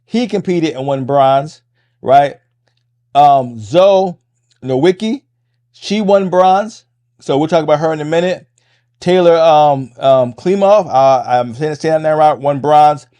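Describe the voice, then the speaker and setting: A middle-aged podcast host and MMA coach speaks quickly in a casual monologue, his voice fairly high and mellow. He restarts phrases often and keeps tossing in a quick "right?" to check in.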